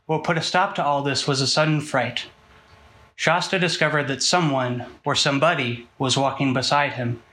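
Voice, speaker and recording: Young male preacher at a student ministry, earnest and emphatic, bright tone. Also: mid-range voice, fairly even intonation, normal speed, rough recording. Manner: earnest, emphatic, builds through repetition. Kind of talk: sermon.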